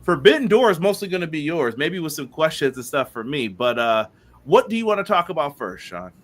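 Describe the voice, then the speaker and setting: Very animated and a little fast, this man's voice sits on the high side as he co-hosts a wrestling podcast. In upbeat, casual live-stream chat, he reads viewer messages aloud and shouts people out by name.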